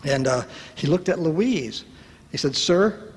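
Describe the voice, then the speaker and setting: A man telling a personal story to an audience at a retreat, lively and self-mocking, acting out the voices of the people in it. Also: a little high, unhurried, slightly rough. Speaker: speaker at a retreat. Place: large hall at a retreat. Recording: reverberant hall with faint background noise.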